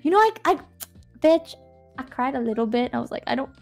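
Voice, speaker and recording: A woman's voice: sits high, expressive, fairly quick, faint music behind. Playful young woman on a stream call. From Southeast Asia. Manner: playful, reading a heartfelt letter aloud. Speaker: guest streamer. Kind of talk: casual chat on a stream call.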